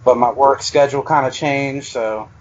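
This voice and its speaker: A man talking casually as a guest on a podcast, relaxed and a bit hesitant, full of fillers. His voice sits at a middle pitch. The call audio is dull and lo-fi. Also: moderate pace, slight background noise. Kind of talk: casual chat.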